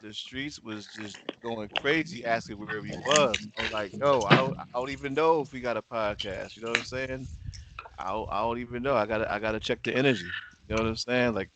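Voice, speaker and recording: A man's voice: mid-range voice, fairly quick, heavy background noise. A man co-hosting a podcast, chatting in a laid-back, joking way and laughing often. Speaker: podcast co-host. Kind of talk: casual podcast banter.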